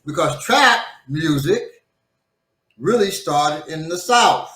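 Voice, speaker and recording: A man in his forties co-hosting a casual panel chat, an animated storyteller who mimics other voices. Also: a little high, takes it slowly, reverberant. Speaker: podcast co-host.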